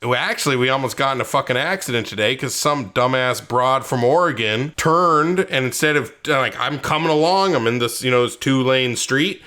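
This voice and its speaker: With a medium-pitched voice at normal speed and hardly any pauses, a man co-hosts a comedy podcast. In casual banter he tells animated stories, swearing a lot and acting out quotes.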